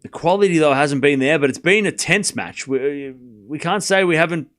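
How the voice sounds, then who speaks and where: A man hosting a live tennis watchalong stream, calling each shot in quick bursts with chatty asides between points. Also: fairly high pitch, a bit bright. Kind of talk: live play-by-play tennis commentary.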